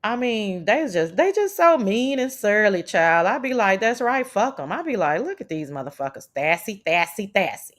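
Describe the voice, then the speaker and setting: A woman's voice: medium pitch, sing-song, normal speed, hardly any pauses. A woman hosting a casual livestream chat, brash and profane as she talks back to her chat. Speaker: livestream host.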